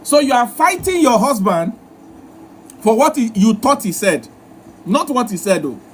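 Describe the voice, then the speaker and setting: A man's voice: very high voice, very animated, measured pace, a little hiss or hum. A man hosting a live relationship advice session, talking in a repetitive, emphatic, lecturing way. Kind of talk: live-stream advice talk.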